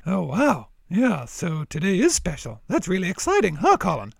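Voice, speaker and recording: Man as a high-voiced curious cow, chirpy, dry close mic. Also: huge pitch swings, moderate pace, vocal fry, slightly rough, no room sound, heavily acted. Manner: chirpy, eager questions. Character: friendly curious male cow.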